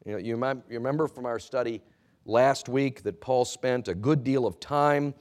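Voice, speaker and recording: A man preaching as a pastor, reading scripture and then giving a sermon in an earnest, measured way with frequent pauses and hesitations. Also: medium pitch, a little mellow.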